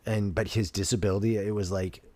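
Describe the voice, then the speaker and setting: Casting: young podcast guy, deep, loose rambling delivery, dry close sound. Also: steady tone, a little fast, dark tone, no room sound. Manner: rambling storyteller, leans on "like". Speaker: podcast co-host. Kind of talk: casual podcast chat.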